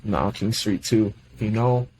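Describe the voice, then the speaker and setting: A man's voice: fairly low pitch, a little slow, a little mellow, slight background noise. A man co-hosting a podcast, chatting casually about sports in a loose, rambling way with lots of fillers. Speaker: podcast co-host.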